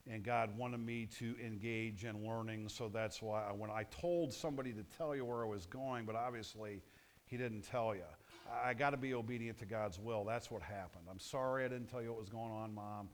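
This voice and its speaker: A man's voice: medium pitch, pitched below the performer's own voice, close to an everyday voice. A male preacher voicing a twelve-year-old boy sheepishly apologizing and making excuses to his parents.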